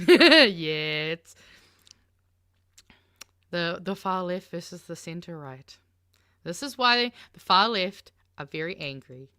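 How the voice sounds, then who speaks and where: A woman co-hosting a casual political chat, animated and sweary. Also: on the low side, smooth, no room sound, studio quality. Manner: animated, sweary, quick laughs. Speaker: co-host.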